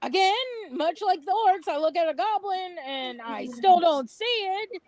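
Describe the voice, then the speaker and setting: A woman's voice: very high-pitched, expressive, unhurried, darkish tone, poor audio. A woman co-hosting a livestream, blunt and indignant, mocking what others say. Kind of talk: casual ranting chat.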